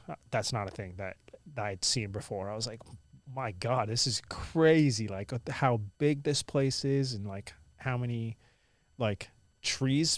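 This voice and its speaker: A young man from India who now speaks with an American accent tells stories as a guest in a casual interview. His medium-pitched voice, recorded without echo, is animated and full of "like" and "I was like" quotes.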